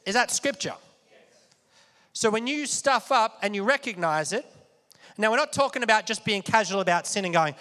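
A man preaching with a fairly high voice, his words ringing with long reverb from a large hall. He talks casually and keeps asking the congregation questions. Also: animated, normal speed, pauses often, bright, forceful tone. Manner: conversational, asks the audience questions often. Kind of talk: sermon.

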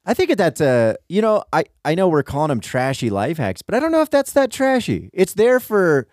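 A man's voice: a little high, huge pitch swings, normal speed, darkish tone, no room sound, studio quality. A man co-hosting a casual comedy podcast, joking around and slipping into a mock announcer voice. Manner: playful, breaks into mock ad-announcer voice. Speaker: podcast co-host.

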